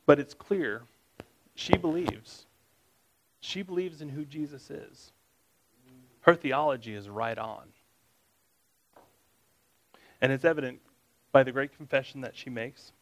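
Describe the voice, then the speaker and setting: A man's voice: mid-range voice, measured pace, long pauses, low-quality recording. Conversational man teaching a Bible study. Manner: reads scripture aloud, then explains it conversationally with asides; asks the listeners questions.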